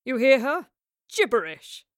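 A woman voicing a pompous, menacing gentleman who growls and scoffs, in an audiobook. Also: medium pitch, animated, moderate pace, no room sound, studio quality, lightly acted. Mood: scornful. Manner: scornful, growling, derisive. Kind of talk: audiobook character voice.

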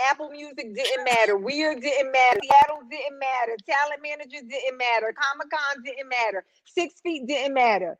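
A woman co-hosting a casual chat show, telling stories in an animated way and laughing often. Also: sits high, no echo, low-quality recording. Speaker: podcast co-host.

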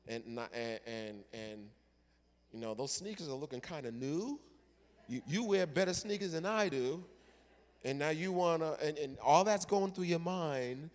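A male pastor delivering a sermon with dramatic storytelling that swings from loud to hushed. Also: fairly high pitch, unhurried, big-room sound.

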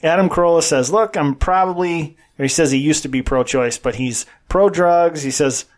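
A man talks through the news on a podcast, blunt and opinionated, cursing as he goes. His voice sits a little above the usual pitch for a man. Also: moderate pace. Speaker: podcast co-host. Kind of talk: casual political podcast chat.

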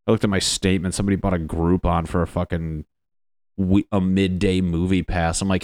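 A man's voice: sits low, moderate pace, a little mellow, dry recording. A young man from Connecticut talking in a rambling, joking monologue full of swearing. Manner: profane, joking, meandering. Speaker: vlogger.

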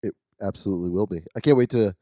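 A man's voice: on the low side, racing, mellow, dry recording. A man co-hosting a podcast, chiming in with enthusiastic agreement in casual chat. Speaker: podcast co-host.

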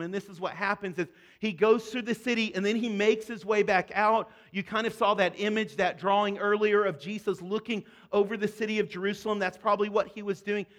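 A man preaching a sermon, speaking earnestly and directly to his congregation, with quieter, softer passages on the emotional points. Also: high voice. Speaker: pastor.

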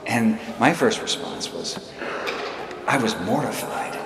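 A man's voice: fairly low pitch, expressive, slow, pauses often. A man in his sixties preaching a sermon, telling a personal story with emphatic, fervent peaks. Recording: echoey hall with room noise.

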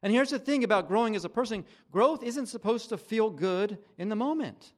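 A middle-aged man delivers a conversational sermon, his fairly high voice swinging widely up and down. He talks it through casually, acting out the dialogue in the stories he tells. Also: animated, brisk. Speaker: pastor.

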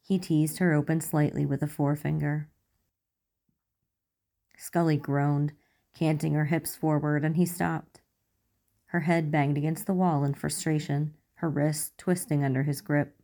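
A woman narrating romance fan fiction aloud in a measured, soft storytelling manner. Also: deep voice, flat delivery, vocal fry.

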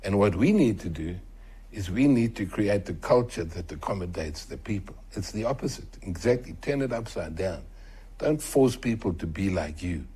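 Husky, earnest older man. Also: deep voice, moderate pace. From South Africa. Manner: earnest, animated when quoting others. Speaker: author and entrepreneur guest. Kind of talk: conversational interview.

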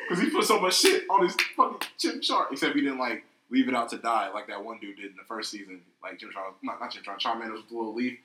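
A young man chatting casually and profanely on a podcast, rambling and animated. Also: medium pitch, fast, slight background noise. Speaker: podcast co-host. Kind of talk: casual chat. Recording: echoey room.

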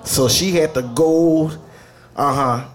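A man's voice: a little high, slow pace. A man telling a funny personal story live, swearing freely and laughing as he talks. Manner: profane, animated, laughs mid-sentence.

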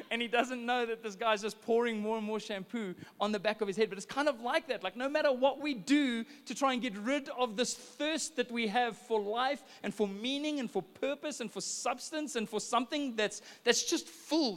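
A man preaching a conversational sermon, telling stories with frequent restarts. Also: high voice. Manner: chatty storytelling with frequent restarts. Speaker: pastor. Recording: long reverb of a church hall.

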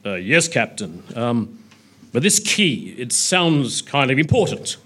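A gruff, deep-voiced alien security officer in a mock Klingon accent, as a male lecturer puts him on. He speaks slowly and hesitantly, sounding puzzled, his voice a little husky. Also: big pitch swings, a bit bright, exaggerated voice.

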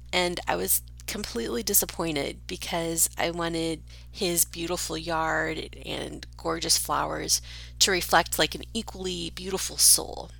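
A woman co-host tells her neighborhood stories with wry, dry judgment and slips into whispered asides. Her voice sits low for a woman, with a bright, crisp edge and a gravelly fry. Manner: wry, dryly judgmental, often dropping to a whisper. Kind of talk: casual comic storytelling.

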